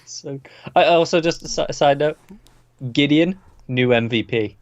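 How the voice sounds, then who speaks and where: A man co-hosting a podcast, chatting casually about TV episodes and throwing in quick joking asides. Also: fairly high pitch, highs cut off. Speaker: podcast co-host. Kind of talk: casual chat reviewing TV episodes.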